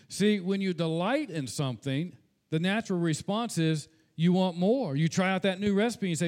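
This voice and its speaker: A man's voice: sits high, expressive, fairly quick. A pastor preaching a sermon in an earnest tone, slipping into casual asides and repeating words when he speaks off the cuff.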